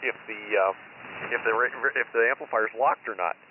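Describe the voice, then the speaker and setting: A man's voice: medium pitch, a little fast. A man on a ham radio net, rambling about his gear in technical detail, chuckling to himself now and then. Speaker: amateur radio operator. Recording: tinny radio audio with loud static.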